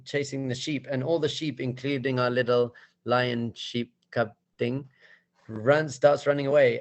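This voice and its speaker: A man serving as a rabbi, telling a playful, animated story as part of a spiritual talk to a group. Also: mid-range voice, low-quality recording.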